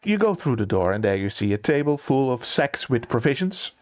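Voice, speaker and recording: A man's voice: mid-range voice, big pitch swings, a little fast. A man running a tabletop game as game master, telling the scene casually with dramatic beats.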